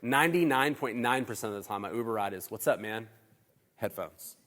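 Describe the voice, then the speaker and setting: Pastor, male, mid-pitched, chatty and animated storyteller, long hall reverb. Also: quick pace. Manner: animated, chatty, acts out dialogue. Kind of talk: sermon storytelling. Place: church hall.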